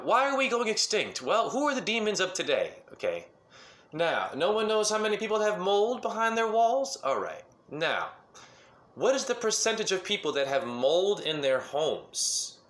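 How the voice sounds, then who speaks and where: A man's voice: sits high, fairly bright tone, echoey room. A man giving a rambling monologue to camera as a self-styled spiritual teacher, firing off rhetorical questions and jumping between topics.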